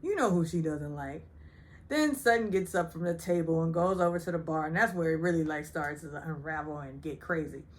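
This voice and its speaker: A woman's voice: sits low, fairly quick. A woman from the Southern United States recapping a reality show in a chatty, gossipy way with sarcastic asides. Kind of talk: casual recap vlog.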